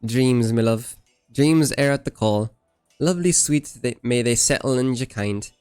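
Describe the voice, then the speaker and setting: A lilting, dreamy woman of an ancient forest home, as a man puts her on for a game, speaking in strange old-fashioned phrases. Her words come tender and otherworldly, and her pitch sits at a middling height. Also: a little slow, a little mellow, clean tone, dry recording, faint music behind, close to an everyday voice. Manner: old-fashioned broken poetic phrasing, sing-song.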